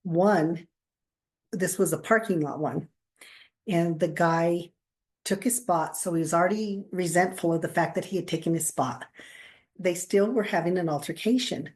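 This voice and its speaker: Casting: a woman podcast host, animated storyteller who voices the people in her anecdotes, laughs a lot. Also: on the low side, moderate pace. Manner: animated storyteller, acts out quotes, laughs often. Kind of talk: casual chat, storytelling.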